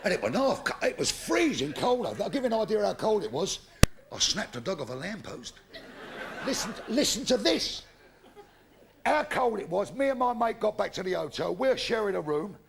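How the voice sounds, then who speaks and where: High, lively, gravelly comic doing crude stand-up on stage. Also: male voice, moderate pace, noisy background. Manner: brash, rude storytelling with coarse punchlines. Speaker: stand-up comedian. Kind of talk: live stand-up comedy. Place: stage before a live audience.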